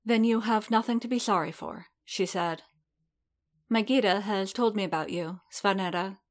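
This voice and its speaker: A woman voicing a graceful alien mother with a Rillish accent, speaking in a light, musical, calm way. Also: medium pitch, moderate pace, close to an everyday voice.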